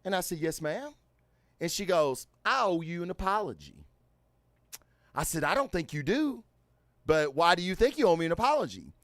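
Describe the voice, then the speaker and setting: A man hosting a casual podcast, rambling through stories with fillers and swearing. His voice sits a bit high and swings widely in pitch. The sound is dry and close on a studio microphone. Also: sing-song, normal speed, pauses often, no room sound. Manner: loud, swearing, storytelling with lots of fillers. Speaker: podcast host.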